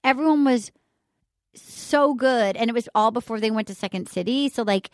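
A woman comedian hosting a casual chat, animated and quick to jump in. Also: a little high, no room sound, clean studio sound. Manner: animated, eager interjections.

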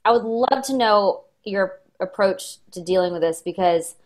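A woman's voice: mid-range voice, a little slow. Emotional young woman host, choking up. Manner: warm, emotional, choked up. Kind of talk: casual conversation.

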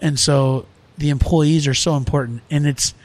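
A middle-aged restaurant owner talking earnestly in a casual podcast conversation, rambling with lots of fillers. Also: male voice, on the high side, steady tone, moderate pace, no echo.

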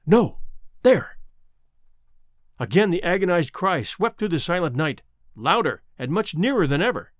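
A man narrating a classic novel as an audiobook in a dramatic, expressive way. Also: on the high side, a little fast, no echo, studio quality.

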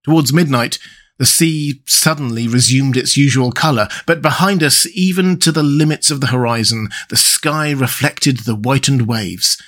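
A man narrating a classic adventure novel as an audiobook. His reading is measured and steady, pitched in an ordinary middle range.

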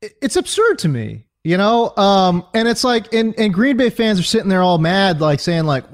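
A man with a high, lively voice co-hosts a casual sports podcast. He rants in bursts, full of fillers and repeated words. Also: normal speed, few pauses. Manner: animated ranting with many fillers and repeats. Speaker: fantasy football podcast co-host.

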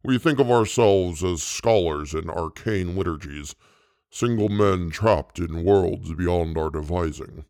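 A doom-laden old man murmurs in a trance, as a male narrator puts him on. The voice sits very low and dark, and every pronouncement drags out slowly. It sounds close and dry. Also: dry recording. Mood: ominous. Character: ominous fat old man speaking in a trance.

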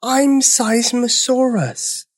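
Man doing a shy storybook dinosaur, tiny high voice, soft, timid, slow. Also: fairly even intonation, full character voice. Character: huge gentle male dinosaur, tiny shy voice. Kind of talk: storybook character voice.

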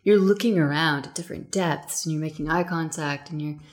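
Low-voiced fast-talking woman host. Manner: animated, quick-talking, self-described fast speaker. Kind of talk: casual conversation.

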